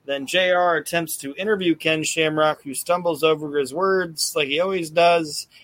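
A man hosting a podcast, retelling events in an animated, casual way and acting out quotes, swearing freely. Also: fairly high pitch, moderate pace. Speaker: podcast host recapping wrestling. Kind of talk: casual chat.

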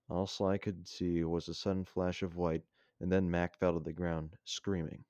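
A man's voice: sits low, level tone, moderate pace, darkish tone, no echo, muffled recording. A man hosting a casual podcast, reading his own story aloud in a dry manner and stopping to retake lines. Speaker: podcast host and story reader.

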